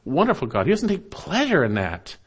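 A man preaching an expository sermon, earnest and exhorting, speaking straight to the listener as a friend and swinging between emphatic and hushed lines. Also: on the high side, huge pitch swings, a little fast, slightly rough. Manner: addresses the listener directly as "my friend".

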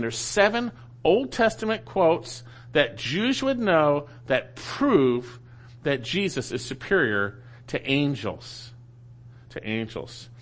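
A male preacher delivering a teaching sermon in a fairly high voice. His pitch swings widely as he leans on key phrases and repeats them for emphasis. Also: a bit bright. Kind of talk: sermon teaching through a Bible passage.

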